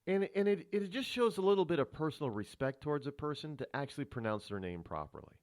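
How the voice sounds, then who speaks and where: A man hosting a radio talk show, rambling through a solo monologue of political commentary with many restarts. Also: fast talker. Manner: rambling, restarts often, animated pitch swings. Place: radio studio.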